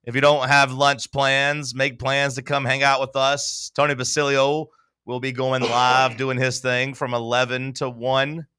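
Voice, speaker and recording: A man's voice: mid-range voice, level tone, unhurried, bright, forceful tone, clean tone, no room sound. A man hosting a sports radio show in a studio, joking and laughing with his co-hosts. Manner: playful, laughing. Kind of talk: casual studio banter.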